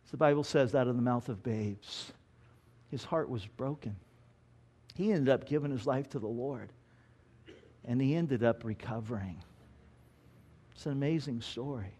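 A male pastor preaching a sermon. He often repeats words as he tells a story and slows down to read scripture with emphasis. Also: mid-range voice, warm tone, husky. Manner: repeats words while telling stories, slow emphatic scripture reading.

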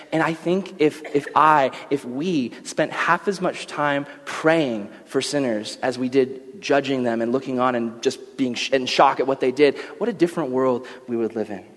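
A young man preaching a casual, animated sermon, telling stories and slipping into character voices. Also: medium pitch. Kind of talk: casual sermon with acted-out scenes. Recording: long reverb.

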